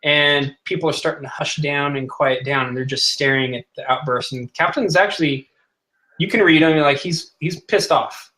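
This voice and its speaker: A man's voice: fairly high pitch, moderate pace, pushed and bright, rough recording. A man narrating as game master of a tabletop role-playing game, chatty and laughing often.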